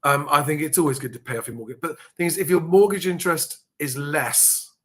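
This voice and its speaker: Bright, brisk man giving blunt advice. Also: a little high. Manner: frank, matter-of-fact advice with mild swearing. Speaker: podcast host, property expert. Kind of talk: casual podcast chat.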